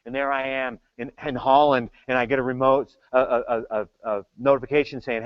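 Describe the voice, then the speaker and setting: A man giving a humorous conference keynote talk as a tech evangelist, telling stories in an animated, joking way, on a dull, dry recording. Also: medium pitch, brisk, few pauses, no echo.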